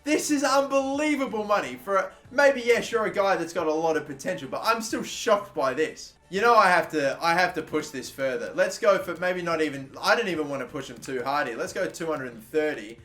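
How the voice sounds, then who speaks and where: A young Australian man giving exasperated, swearing commentary over his own football video game, with sudden loud outbursts. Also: a little high, animated, a little fast, few pauses. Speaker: gaming YouTuber. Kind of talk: gameplay commentary.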